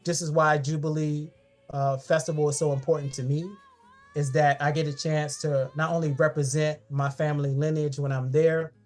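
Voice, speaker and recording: A man's voice: on the high side, little pitch movement, normal speed, darkish tone, faint music behind. Man giving a fond talk. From Columbia, South Carolina. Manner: fond, personal, with frequent restarts. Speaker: guest speaker. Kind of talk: online history talk showing family photos. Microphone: video call.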